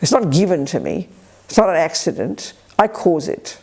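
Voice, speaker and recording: Blunt, energetic woman teaching Buddhism. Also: lowish voice, creaky. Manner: energetic, blunt and sharp, with quick asides and colloquial swearing. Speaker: Buddhist nun teaching a retreat. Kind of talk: dharma teaching to a live group. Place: retreat center hall.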